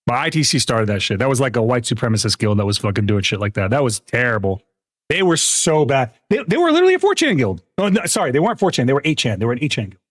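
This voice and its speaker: A man of medium pitch speaks fast, recorded dry at studio quality. Chatting on his live stream, he tells gaming stories with lots of energy, frequent swearing, and plenty of laughter between lines.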